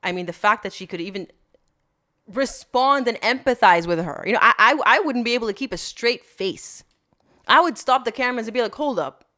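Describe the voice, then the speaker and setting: A woman's voice: a little high, a little fast, sharp tone. A woman co-hosting a podcast, chatting casually and emphatically. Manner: emphatic, agreeing. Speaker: podcast co-host. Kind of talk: casual opinion chat.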